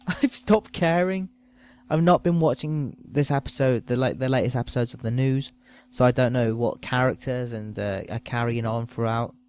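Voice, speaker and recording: A man talks alone into his podcast mic, rambling and crude. He mocks himself with a loose, meandering comic delivery, his voice sitting in an ordinary middle pitch. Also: moderate pace, darkish tone, smooth. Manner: crude, rambling, self-mocking. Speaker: podcast host.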